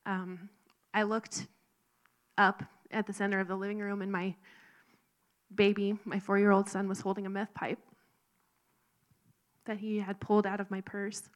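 A woman telling her personal faith testimony in an earnest, halting, emotional way. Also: mid-range voice, flat delivery. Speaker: speaker sharing a recovery testimony.

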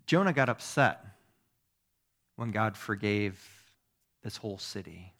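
A man giving a sermon as a pastor, teaching in a conversational way, checking in with his listeners through tag questions and moving between soft asides and emphatic stresses. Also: lowish voice, lively intonation, slow.

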